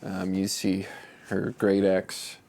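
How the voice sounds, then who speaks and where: Slow, gravelly male game master. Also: sits low, monotone, a little mellow. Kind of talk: narrating a tabletop game.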